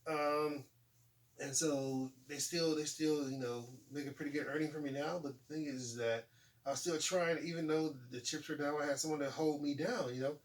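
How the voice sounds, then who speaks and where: A man's voice: on the high side, normal speed, far from the mic. A man in his forties hosting a casual talk show, telling stories with laughs and acting out what people said. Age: 40s. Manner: animated, laughing storyteller acting out quotes. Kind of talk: casual chat.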